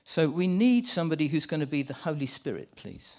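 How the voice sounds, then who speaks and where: Brief: male preacher, a touch high in pitch, lively and stumbling over his words, leading a church re-enactment. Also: brisk. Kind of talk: sermon with live volunteer re-enactment. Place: church with a live congregation.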